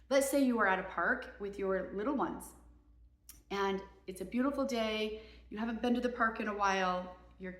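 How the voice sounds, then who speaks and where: Earnest mom giving parenting advice. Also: female voice, mid-range voice, a bit bright, echoey room. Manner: earnest, emphatic, voices kids and parents in quick asides. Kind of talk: casual advice talk to camera.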